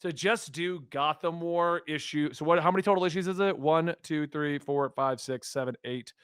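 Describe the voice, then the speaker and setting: A man hosting a casual podcast chat, speaking in an excitable, emphatic way. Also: a little high, normal speed, clean tone, dry recording, studio quality. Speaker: podcast host.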